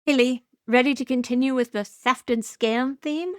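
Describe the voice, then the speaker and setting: A woman's voice: high-pitched, moderate pace, smooth, dry recording, clean studio sound. A woman podcast co-host who speaks precisely and corrects word use, in casual chat.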